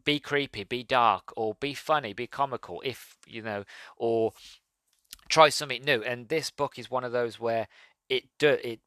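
Male podcast host, casual rambling book review, eager and animated, bright edge, no room sound. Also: mid-range voice, moderate pace, no echo. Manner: enthusiastic, rambling, self-correcting.

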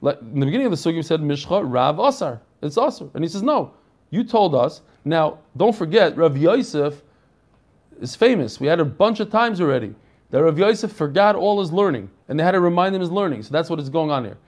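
An American man teaches a Talmud class, chanting the Aramaic text in a singsong before explaining it in casual English with chatty asides to his students. His voice is on the high side, sing-song, and darkish in tone, and he speaks fairly quickly.

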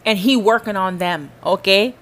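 A woman hosting a podcast speaks to the listener about faith, casual but emphatic and sermon-like. She has a mid-range, fairly bright voice and talks at a normal speed.

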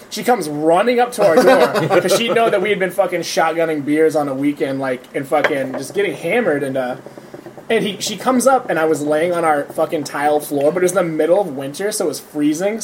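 A man's voice: fairly high pitch, a little hiss or hum. Profane laughing young man telling stories. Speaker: podcast co-host. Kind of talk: casual podcast banter and storytelling.

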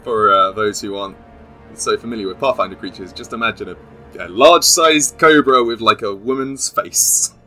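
Lively guy running a tabletop game, rambling and laughing a lot, bright voice. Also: lowish voice, moderate pace, faint music behind. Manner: rambling, self-correcting and laughing often. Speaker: game master.

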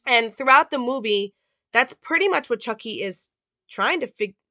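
A woman walks through a film's plot and meaning in a relaxed, rambling way. Her voice is bright and crisp, and the recording is dry with no room sound. She fills her pauses with "like" and "um.". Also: a little high, dry recording. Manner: loose, with many "like" and "um" fillers. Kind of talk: casual film analysis and plot recap.

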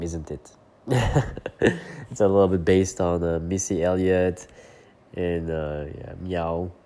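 A man hosting his own podcast in a relaxed solo chat, his voice nasal and stuffy from hay fever, often pausing with fillers as he searches for words. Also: low-pitched. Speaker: podcast host and coach. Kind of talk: casual solo podcast monologue.

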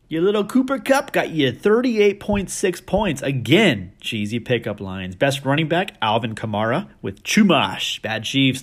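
A man hosting a fantasy football league podcast, recapping the week in a rowdy, joking way and teasing the league members. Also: mid-range voice. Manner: energetic with big swings in loudness.

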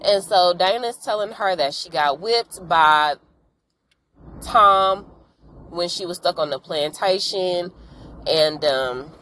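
A young adult woman hosting a podcast, casually recapping an episode with frank, slangy asides and quick acted-out character lines. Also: lowish voice, a bit bright, slight background noise, low-quality recording. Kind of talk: casual chat.

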